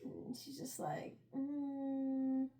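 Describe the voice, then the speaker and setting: A young woman with a high, bright-sitting voice chats casually through a book recap. She's slangy and quick to laugh, and she slips into short character impressions as she goes. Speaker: book review podcast co-host. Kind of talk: casual chat recapping a novel.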